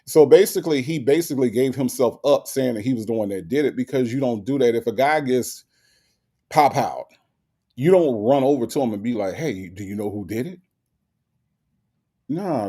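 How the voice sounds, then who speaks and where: A man's voice: mid-range voice, warm tone. A man co-hosting a podcast in casual chat, making his case emphatically and hammering the same point again and again. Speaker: podcast co-host.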